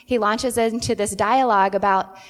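A woman's voice: medium pitch, fairly even intonation, moderate pace. Woman, counselor, earnest and reflective storyteller, reverberant hall. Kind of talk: sharing a personal story in a church panel.

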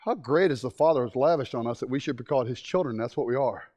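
A man preaching a sermon, telling stories in an animated way with frequent restarts. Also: mid-range voice, quick pace.

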